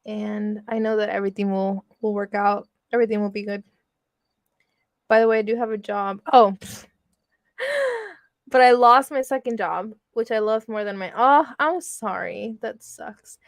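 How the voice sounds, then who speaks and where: A woman's voice: medium pitch, expressive, normal speed, no echo, studio quality. A young woman chatting casually with her livestream audience, laughing often and swearing freely. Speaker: livestream host reading with chat. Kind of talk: casual chat.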